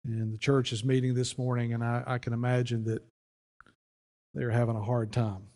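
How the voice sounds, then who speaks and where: A pastor telling a story in a folksy, conversational sermon, with frequent restarts. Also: male voice, medium pitch, flat delivery, moderate pace, dark tone. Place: church sanctuary. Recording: long church reverb.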